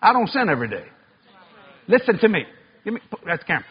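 A man preaching a sermon, telling funny stories with loud, animated bursts of shouting. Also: high-pitched, fast, pauses often, husky, lo-fi sound. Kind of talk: sermon with comic storytelling.

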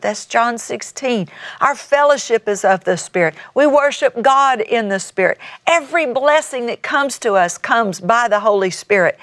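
A woman's voice: fairly high pitch, no echo. An older woman and grandmother giving a folksy Bible teaching as a TV minister, citing scripture as she goes. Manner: folksy, warm-hearted teaching with scripture references.

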